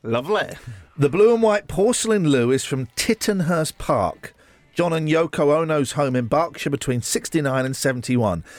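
Jokey radio host. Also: male voice, fairly high pitch, lively intonation, moderate pace, no echo. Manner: jokey, laughs often, does silly voices. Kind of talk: casual radio banter and reading news items.

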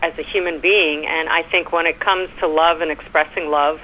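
Animated New York woman on a dull phone line. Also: low-pitched, normal speed, slight background noise. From United States. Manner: animated, flirtatious storyteller. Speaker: guest. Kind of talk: phone-in interview.

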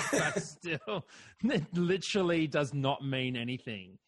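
Male comedian, casual rambling chat, slightly high voice, dry recording, self-mocking. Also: lively intonation, slow pace, a bit bright, dry recording. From Australia. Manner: rambling, self-deprecating, swears.

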